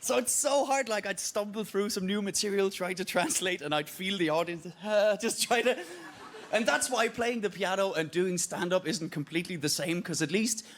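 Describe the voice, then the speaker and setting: A man's voice: high-pitched, moderate pace. A Danish man with an Irish accent, speaking Danish natively, doing a self-deprecating stand-up routine and acting out voices. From Denmark. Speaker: stand-up comedian. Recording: stand-up clip with loud crowd noise.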